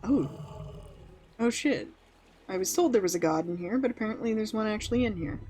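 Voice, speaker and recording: A woman's voice: medium pitch, lively intonation, brisk, a little mellow, breathy edge, faint music behind. A woman streaming a game, chatting casually, thinking aloud and swearing now and then. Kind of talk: casual let's-play chat.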